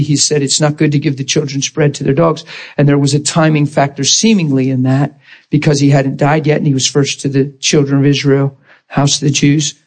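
A male preacher delivering a sermon in a slightly high voice. He is emotional and vivid, acting out scripture scenes as he goes and breaking into laughter now and then.

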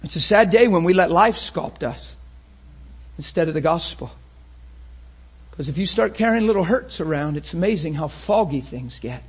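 A man preaching a sermon with great passion, often rising to a shout and acting out how his listeners would react. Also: fairly high pitch, lively intonation, moderate pace, husky.

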